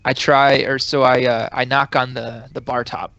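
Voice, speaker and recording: A man playing in a tabletop game, hesitant and halting, with lots of fillers. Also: medium pitch, little pitch movement, fairly bright tone, dry recording, lo-fi sound. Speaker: player. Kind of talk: casual tabletop play.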